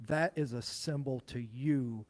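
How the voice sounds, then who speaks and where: A man's voice: mid-range voice, unhurried, a little mellow. Earnest, reflective male podcast host. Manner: earnest, reflective, openly moved. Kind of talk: podcast interview.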